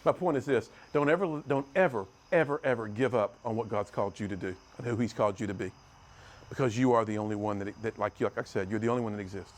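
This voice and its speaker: Speaking to a youth group, this middle-aged man from the US tells stories in a motivational talk that shifts from loud to hushed. He talks quickly, with a fairly low pitch.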